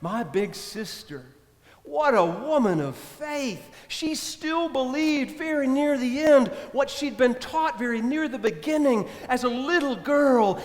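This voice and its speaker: A man's voice: very high-pitched, animated, a little slow. A male priest preaching a sermon, telling stories emphatically, repeating refrains and speaking directly to the congregation. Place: church. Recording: long church reverb.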